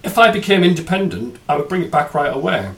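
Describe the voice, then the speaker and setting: A man's voice: fairly high pitch, very animated, quick pace, fairly bright tone. A man hosting a podcast, chatting casually and cracking self-mocking jokes. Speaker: podcast host.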